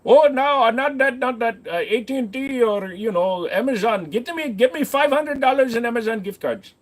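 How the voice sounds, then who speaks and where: A man putting on a high, pushy phone scammer. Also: animated, normal speed. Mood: wheedling. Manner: pleading, insistent, high-pitched. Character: pushy male phone scammer, wheedling, relentless.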